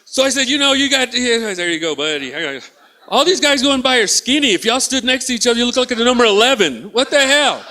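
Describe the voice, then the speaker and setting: A man's voice: very high-pitched, brisk. A man performing a stand-up comedy set in a theatre, telling stories with acted-out dialogue and bantering with the crowd. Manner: animated storytelling, acts out both sides of dialogues, banters with the crowd. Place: theatre stage.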